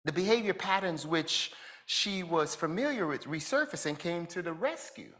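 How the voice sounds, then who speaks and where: A man's voice: on the high side, animated, moderate pace, pushed and bright. A man from Jamaica, preaching a conversational sermon who asks his listeners reflective questions and chuckles between points.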